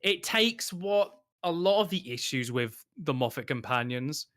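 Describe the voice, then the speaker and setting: Podcast co-host: man with a bright, edgy tone, enthusiastic and halting. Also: on the high side, animated. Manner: enthusiastic, laughs often, halting. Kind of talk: casual chat.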